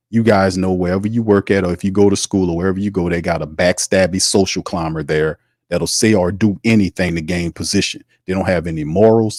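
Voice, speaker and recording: A man's voice: sits low, darkish tone, no room sound, clean studio sound. A man hosting a sports show, giving blunt, opinionated commentary with swearing and rhetorical questions to his listeners. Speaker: sports podcast host.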